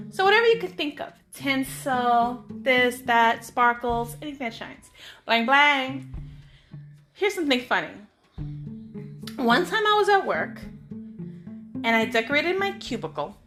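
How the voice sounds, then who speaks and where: A woman hosting her own show, telling personal stories in a chatty, animated way with playful asides to her listeners. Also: high voice. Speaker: podcast host. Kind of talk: casual storytelling monologue.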